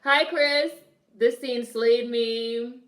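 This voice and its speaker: A woman's voice: fairly high pitch, steady tone, extremely slow, a bit bright. A woman streamer reacting to a film, chatting casually, laughing often and reading her chat aloud.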